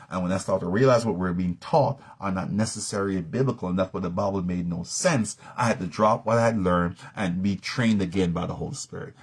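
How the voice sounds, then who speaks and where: A man's voice: lowish voice, slightly rough. A middle-aged man teaching a live-streamed Bible study in an emphatic, repetitive, preacherly manner.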